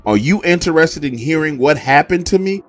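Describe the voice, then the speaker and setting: A man's voice: on the high side, lively intonation, normal speed, a bit bright, soft background music. A man doing a frantic thirteen-year-old boy. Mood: pleading. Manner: frantic, pleading. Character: scared young boy of thirteen, shouting.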